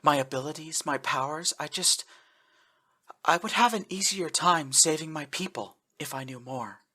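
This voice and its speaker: A man voicing a determined young woman with psionic powers, speaking earnestly and a bit haltingly. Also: a little high, animated, pushed and bright, breathy edge, pitched above the performer's own voice, exaggerated voice.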